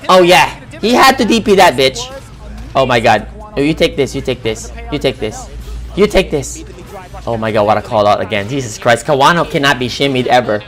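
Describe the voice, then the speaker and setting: A young adult man streaming live, reacting to a fighting game match in casual chat, excitable and profane, repeating himself and yelling at the plays. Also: mid-range voice, moderate pace, soft background music.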